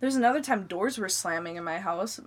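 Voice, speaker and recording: A woman's voice: medium pitch, expressive, a little fast. Rambling young woman telling stories. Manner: rambling storyteller, heavy on filler "like". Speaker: podcast co-host. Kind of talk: casual podcast chat.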